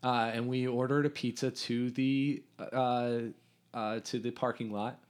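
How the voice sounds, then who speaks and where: A man from Hungary, a podcast guest, telling a story in an animated, rambling way with lots of restarts. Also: medium pitch, a little slow. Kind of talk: casual storytelling.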